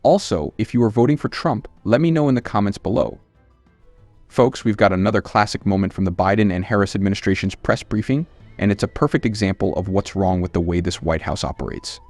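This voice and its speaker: A man's voice: fairly low pitch, brisk, darkish tone, no echo, faint music behind. A man hosting a channel, reading scripted political commentary in a scornful, emphatic way.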